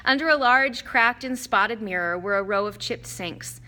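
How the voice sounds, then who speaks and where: A woman narrating an audiobook in a measured, expressive storytelling manner. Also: on the high side. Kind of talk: scripted narration.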